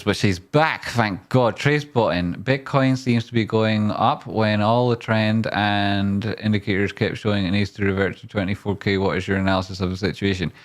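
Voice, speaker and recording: Jokey rambling man, low voice. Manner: jokey and rambling, jumping to high pleading whines. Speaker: trading livestream host. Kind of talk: casual livestream chat.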